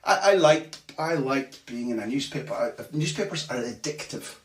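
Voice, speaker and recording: Journalist guest, animated and profane, recorded off-mic in a roomy little bathroom. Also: male voice, mid-range voice, moderate pace, far from the mic. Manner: animated, swearing, restarts often, acts out quotes. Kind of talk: casual podcast storytelling. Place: small bathroom at home, remote call. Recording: echoey small room, off-mic.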